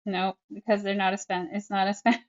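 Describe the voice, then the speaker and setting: A woman's voice: medium pitch, little pitch movement, fast, dull audio. Chatty woman walking through an app. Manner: chatty, narrates each tap, frequent fillers. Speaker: speech-language pathologist. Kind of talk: casual tutorial walkthrough.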